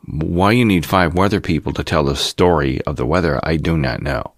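A man's voice: sits low, brisk, few pauses, no room sound, studio quality. A man in his fifties, from the Cleveland area, ranting in a cynical, rambling casual monologue as host of his own channel. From Cleveland, Ohio area. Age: 50s. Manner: cynical, rambling, mocks folksy TV voices.

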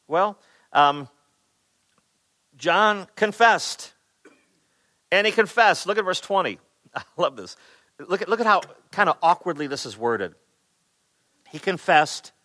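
A man's voice: medium pitch, pushed and bright, dry recording. A male pastor preaching a sermon in a conversational way, with many fillers and repeated words, acting out quoted voices with rising emphasis.

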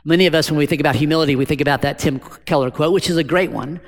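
This pastor's voice sits on the high side, and he races through his sermon. He's conversational, firing rhetorical questions at the congregation, with long reverb from the hall.

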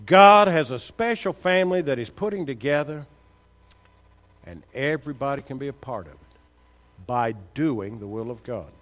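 A man's voice: medium pitch, expressive, normal speed, a bit bright. A man preaching a sermon, firing rhetorical questions at the congregation and building to emphatic peaks.

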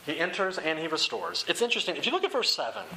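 A man's voice: sits high, sing-song, fast talker, background noise. A young man preaching a sermon to a seated crowd, in an earnest, conversational way that repeats and restates phrases. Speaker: campus ministry speaker. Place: room with rows of chairs.

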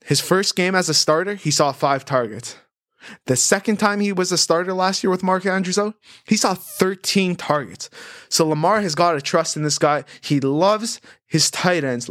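A man hosting a sports betting podcast in a chatty, animated way, rattling off stats and odds. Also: a little high, no echo, studio quality. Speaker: host.

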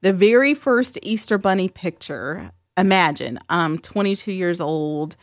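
A woman co-hosting a podcast, telling a story in a casual, animated way with frequent "um" and "like". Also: fairly low pitch, unhurried, no echo, clean studio sound. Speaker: podcast co-host.

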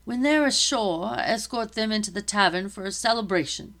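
A woman's voice: on the low side, expressive, normal speed, fairly bright tone. A woman reading aloud, voicing a stern, formal male army captain in a storybook. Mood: commanding. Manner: formal, clipped, raised commanding voice. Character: stern male British army captain, middle-aged, commanding.

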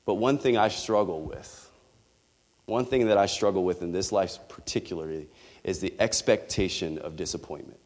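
A man's voice: low-pitched, normal speed, darkish tone, in a large hall. A man preaching a sermon, telling a candid personal story with rising passion.

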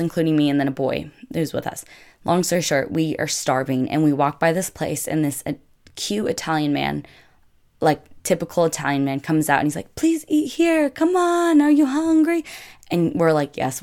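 Low-voiced chatty young woman. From United States. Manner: chatty, filler-heavy, lots of "like". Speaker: vlogger. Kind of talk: casual storytelling.

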